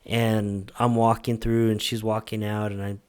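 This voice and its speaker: A man's voice: on the low side, moderate pace, clean tone. A man co-hosting a casual podcast chat, telling a story animatedly and acting out what others said. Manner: animated storyteller, acts out quoted voices. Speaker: podcast co-host.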